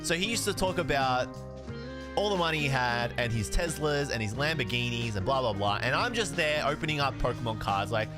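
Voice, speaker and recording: A man's voice: mid-range voice, a little fast, music in the background. A man, a card streamer, telling a story in a casual way, acting out the dialogue and swearing now and then. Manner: animated, swears, laughs, acts out dialogue.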